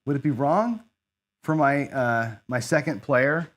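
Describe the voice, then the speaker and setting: A man's voice: medium pitch, a little slow. Guy streaming craps, chatty running commentary, talks to his chat, normal mid voice. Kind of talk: casual live-stream commentary while playing.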